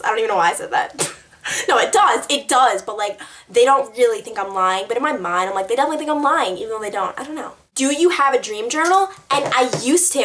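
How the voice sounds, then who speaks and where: A woman's voice: on the high side, fairly bright tone. A young woman chatting to camera in a rambling, giggly way, answering tag questions. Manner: bubbly, rambling, giggly, lots of "like". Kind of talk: casual chat to camera.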